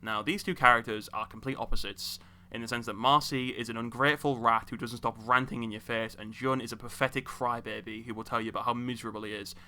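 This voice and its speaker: A man's voice: mid-range voice, fairly even intonation, fast talker, pushed and bright. A young man ranting in exasperation about video game characters, scolding them directly. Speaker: video host.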